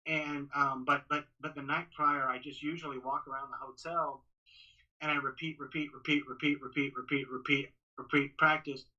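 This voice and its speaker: A man, a ring announcer, talking casually on a podcast in a halting way with many restarts. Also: a little high, level tone, sharp tone, highs cut off. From Texas. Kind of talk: casual interview talk.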